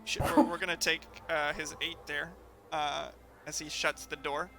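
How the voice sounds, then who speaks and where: A man running a tabletop game as game master, narrating loosely with many fillers and pauses. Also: a little high, little pitch movement, sharp tone, faint music behind.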